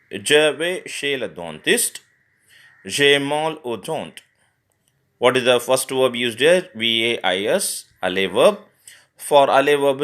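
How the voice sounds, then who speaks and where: A male teacher from India walks through a French grammar exercise, at a middle pitch. He spells verbs out letter by letter and fills his pauses with "uh" as he explains each step. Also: a bit bright. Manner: spells words letter by letter, many fillers. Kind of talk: recorded grammar lesson.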